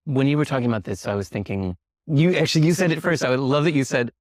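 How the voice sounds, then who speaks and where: A man in an interview tells his story in a mid-pitched voice, acting out quoted conversations with sudden leaps upward and a laugh here and there. The recording is dry and close to the mic, with no room sound. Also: fast talker, no room sound. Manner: animated, acts out quoted dialogue with lively jumps in pitch. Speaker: interview guest. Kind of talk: casual storytelling.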